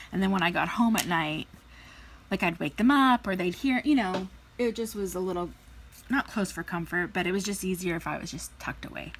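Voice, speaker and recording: A woman's voice: fairly low pitch, lively intonation, fairly quick, slight background noise. A woman in her thirties, a crafting vlogger, chatting casually and telling stories with plenty of fillers and playful voices for quotes. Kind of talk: casual storytelling chat.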